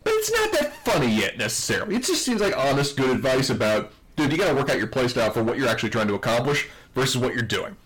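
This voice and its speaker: A man's voice: medium pitch, huge pitch swings, fast talker, hardly any pauses, a bit bright, low-quality recording. A man co-hosting a podcast, recapping a TV episode with enthusiasm and reading quotes aloud in casual chat. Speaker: podcast co-host.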